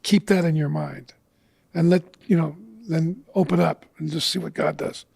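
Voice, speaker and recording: A man's voice: on the high side, steady tone, moderate pace, vocal fry, darkish tone, husky. A middle-aged man telling a personal story as a guest on an interview show, earnestly acting out the lines of the people in it.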